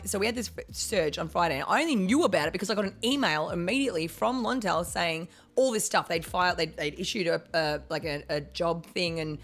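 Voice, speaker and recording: A woman's voice: fairly low pitch, fairly bright tone. An Australian woman co-hosting a casual podcast chat, rambling through stories and acting out what people said. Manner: rambling, quick storytelling with acted-out quotes. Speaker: podcast co-host.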